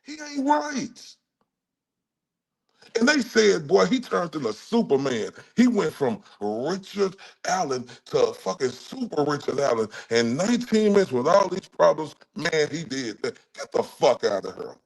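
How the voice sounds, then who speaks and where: Gravelly, furious, profane streamer man. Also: fairly high pitch, very animated, a little slow, a little mellow. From Dallas, Texas. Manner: furious, heavily profane ranting. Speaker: livestream host. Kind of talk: angry profane livestream rant.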